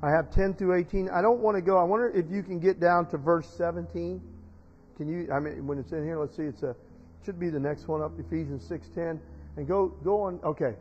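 High-voiced preaching man in a church. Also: fairly quick, a little hiss or hum. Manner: storytelling, rising to loud emotional preaching. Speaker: pastor. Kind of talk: sermon. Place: church sanctuary. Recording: dull sound in a reverberant church hall.

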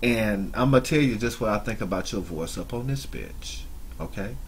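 A man giving mocking reaction commentary on another streamer's clip, scolding her with drawn-out asides. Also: on the low side, animated, slight background noise. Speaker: YouTube commentator.

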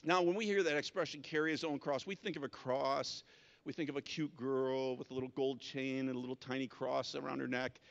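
A man's voice: medium pitch, steady tone, a little fast, creaky, in a large hall, lo-fi sound. A male pastor delivering a conversational sermon, often restarting and repeating words as he talks. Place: church sanctuary.

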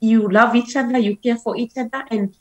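A woman's voice: a little high, fairly even intonation, a little fast, low-quality recording. A woman guest on a talk show, speaking in a conversational way with a lot of "you know" fillers.

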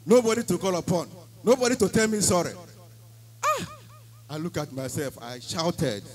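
A man's voice: sits high, big pitch swings, brisk, crowd noise, rough recording. Emphatic Nigerian man giving testimony. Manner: emphatic storytelling, Nigerian Pidgin phrases. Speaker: church member giving testimony. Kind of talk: church testimony.

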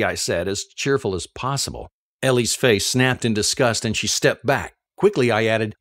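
A man reading a first-person novel aloud, telling the story in an expressive, animated way. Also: medium pitch, normal speed, no echo, studio quality. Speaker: audiobook narrator.

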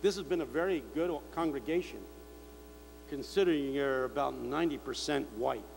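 An older man preaching a sermon to a big crowd, telling stories and acting out the shouts of others. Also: medium pitch, normal speed, creaky. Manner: storytelling, mimicking shouts of others. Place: large convention hall. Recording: echoey hall with faint hum.

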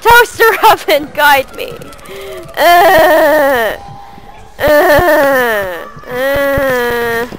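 A woman giving loud, profane gameplay commentary, yelling at her character. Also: high-pitched, animated, very slow, soft background music, low-quality recording. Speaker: let's play gamer.

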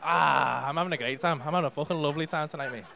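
A man's voice: on the high side, racing, vocal fry. A male stand-up comedian, doing sweary, mock-exasperated crowd work on a comedy club stage.

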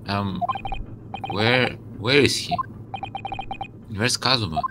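A man's voice: on the low side, takes it slowly, heavy background noise. A man voicing a bewildered young man who stammers in panic after being accused of murder, during a let's play. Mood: shocked.

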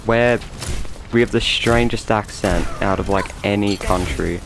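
An Australian man giving live commentary over his own game, swearing and mocking himself with sudden excited outbursts. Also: on the low side, measured pace. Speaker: gameplay commentator. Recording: game music loud behind voice.

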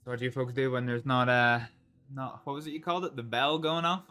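A Scottish man roleplaying live on a game stream, chatting with many fillers and pauses. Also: medium pitch, steady tone, bright, forceful tone, clean tone. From Scotland.

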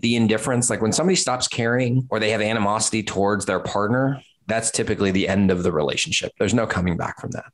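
A man in his thirties, an agency owner, giving blunt business advice straight to camera, swearing casually and repeating words for emphasis. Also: medium pitch. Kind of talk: direct-to-camera business talk.

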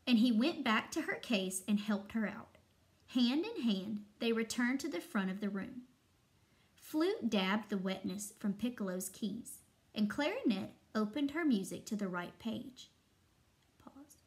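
A young adult woman, a first-grade teacher, reading a story aloud to children expressively with long pauses. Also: fairly high pitch, animated.

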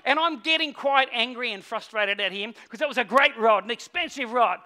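A middle-aged man, preaching a sermon as a pastor and telling a story, swinging between hushed and loud. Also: very high-pitched, fairly quick, hardly any pauses.

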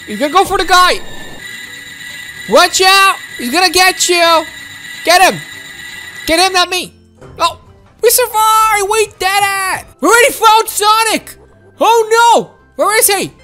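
A woman giving excitable, childlike gameplay commentary while speaking as her game character. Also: very high voice. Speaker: game streamer.

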